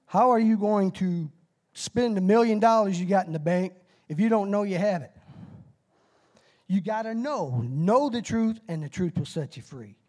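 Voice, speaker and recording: A middle-aged man preaching a short, timed sermon with call-and-response. He is excitable and folksy, laughs at his own nerves, and bursts into shouted whoops. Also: high-pitched, moderate pace. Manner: folksy, self-deprecating about his nerves. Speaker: lay preacher.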